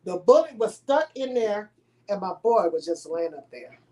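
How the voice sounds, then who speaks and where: With a warm, mid-range voice that takes big pitch swings at a normal speed, a middle-aged woman from Houston, Texas, shares a personal story as a guest. It's emotional and dramatic, full of acted-out quotes and pleading.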